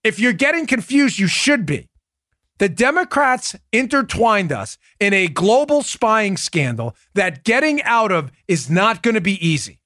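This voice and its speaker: Indignant, high-voiced male political host. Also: sing-song, unhurried, sharp tone, no echo, studio quality. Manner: combative, incredulous, rising to indignant outbursts. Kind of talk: heated political commentary.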